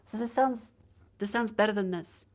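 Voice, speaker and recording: A woman's voice: mid-range voice, normal speed. Chatty woman streamer testing her mic. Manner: chatty, talks through a microphone test step by step. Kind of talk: casual live-stream chat. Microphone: handheld mic moved to different distances.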